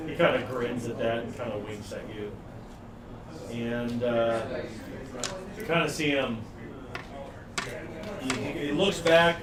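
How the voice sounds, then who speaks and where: Pria pemandu permainan, suara bergema dari jauh. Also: male voice, mid-range voice, fairly even intonation, slow, long pauses, reverberant, far from the mic, a loud crowd. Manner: loose, rambling, laughs often. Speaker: dungeon master. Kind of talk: narrating a tabletop game.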